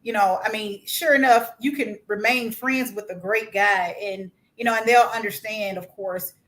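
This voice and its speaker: A woman's voice: medium pitch, steady tone, moderate pace, fairly bright tone, low-quality recording. A woman from Mississippi, chatting easily as a podcast guest, using many fillers. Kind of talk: casual chat.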